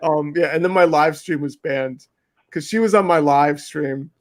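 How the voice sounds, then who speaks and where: A man hosting an interview and telling a story with animated emphasis, acting out his own remarks. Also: on the high side, moderate pace. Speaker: interview host. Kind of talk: casual interview chat.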